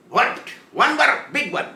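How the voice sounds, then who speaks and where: A man gives a storytelling sermon, chuckling as he goes and acting out the voices in the story. His voice is high and bright, and he speaks slowly. The room echoes. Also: gravelly. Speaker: spiritual teacher.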